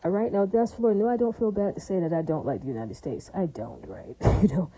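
Brief: fast-talking woman with a husky, mellow voice, chatty and blunt, keeps checking in with "right?". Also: on the low side, poor audio. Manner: chatty, keeps asking "right?" and "does that make sense?"; blunt and crude, with many fillers. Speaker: vlogger. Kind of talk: casual rambling monologue.

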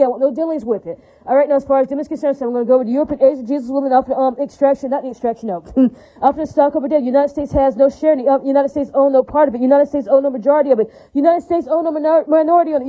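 A woman's voice: high voice, warm tone, poor audio. A woman in an angry, profane monologue rant, repeating the same warnings again and again. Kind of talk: ranting monologue.

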